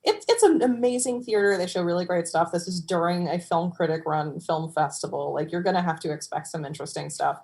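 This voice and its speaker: A woman's voice: fairly low pitch, fairly quick, creaky, few pauses, a little mellow. A woman film critic appearing as a podcast guest, chatting casually and using "like" a lot. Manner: chatty, lots of "like".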